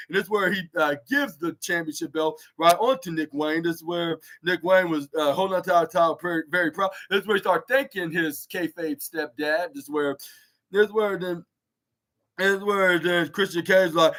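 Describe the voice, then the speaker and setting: A man's voice: fairly high pitch, moderate pace, a bit bright, rough recording. A man hosting a podcast, recapping a wrestling show in a rambling way with many fillers and restarts. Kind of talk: casual recap.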